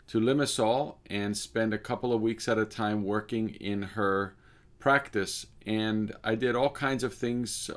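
A man from Cyprus, a speaker and author, telling a personal story in a measured, deliberate way that lingers over details. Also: lowish voice, fairly bright tone.

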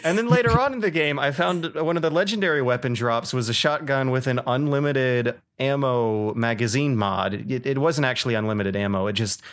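A man co-hosting a casual games podcast, telling stories with lively bursts of excitement and frequent laughter. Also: medium pitch, fairly quick, few pauses. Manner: animated storyteller, laughs often. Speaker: podcast co-host. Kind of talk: casual chat about games.

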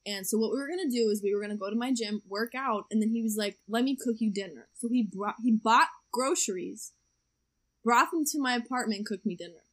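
Young woman, casual chat, chatty storytelling, fairly high voice. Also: a little fast, a bit bright. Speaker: podcast co-host.

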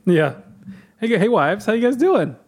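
A man co-hosting a podcast in casual chat, teasing and joking, talking in quick bursts. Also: high-pitched, sing-song, noisy background. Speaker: podcast co-host.

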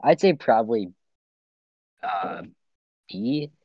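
A man's voice: medium pitch, expressive, slow, breathy edge, no room sound, lo-fi sound. An easygoing young man in a casual group chat who laughs often and argues playfully.

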